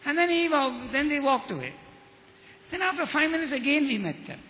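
A man's voice: very high voice, lively intonation, brisk, slight background noise. A man giving a testimony sermon as an evangelist, telling stories with quoted dialogue and repeating his words. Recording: tinny phone-like sound with hall reverb.

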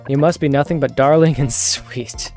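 A man's voice: medium pitch, normal speed, darkish tone, faint music behind, voice pushed up, natural voice. A man voicing a sweet-talking older village auntie while reading game dialogue aloud. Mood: doting.

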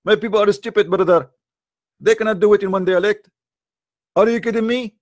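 A man's voice: fairly even intonation, fairly quick, natural voice. A man voicing a whiny, exasperated grown man who pleads and complains in a mocking tone. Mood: mocking whine. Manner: mocking, high-pitched whine.

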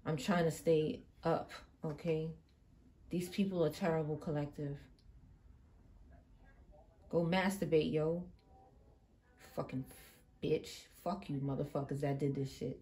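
A woman doing a tarot reading in an emphatic, swearing, impassioned manner. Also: low voice. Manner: emphatic, swears often, swings from quiet to loud outbursts. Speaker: tarot reader. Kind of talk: live tarot reading monologue.

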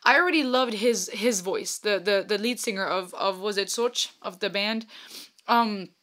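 A woman's voice: medium pitch, normal speed, fairly bright tone. Effusive woman reacting to music. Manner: emotional, effusive, stumbling over words. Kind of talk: casual reaction commentary.

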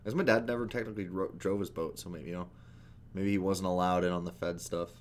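Man, casual reaction commentary, laid-back, swears a lot, fairly low voice, faint background hum. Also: fairly even intonation, fast. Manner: laid-back, profane, laughing. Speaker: reaction video host.

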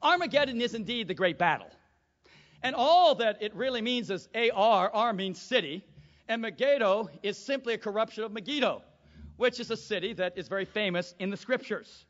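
High, bright-voiced preacher man, shouting. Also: animated, moderate pace, long reverb tail, highs cut off. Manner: emphatic, swings from quiet asides to shouting; calls out to the congregation for amens. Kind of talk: sermon.

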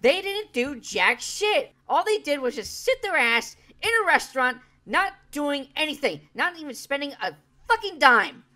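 Woman reaction host, higher-pitched, blunt and profane, sarcastic. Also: big pitch swings, normal speed, pushed and bright. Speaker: commentary video host. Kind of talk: reaction commentary.

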